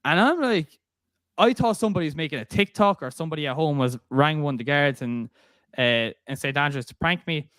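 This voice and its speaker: A man's voice: a little high, fairly quick, fairly bright tone, clear, resonant tone, no room sound. A young Irish man hosting a podcast, chatting casually and laughing as he tells a story. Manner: chatty, laughs while telling stories. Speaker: podcast host.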